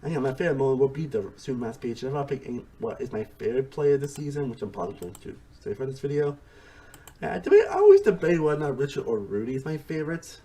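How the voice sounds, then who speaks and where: Animated rambling man reviewing a show. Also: mid-range voice, fast. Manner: rambling, often repeats "honestly" and "again"; restarts sentences mid-thought. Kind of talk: casual spoken review.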